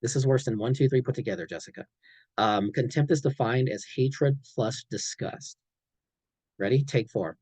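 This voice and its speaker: A man giving a clinical training presentation in an animated way, checking in often and acting out examples. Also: medium pitch, normal speed, husky, no room sound, rough recording. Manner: animated, frequent "okay?" check-ins, acts out examples.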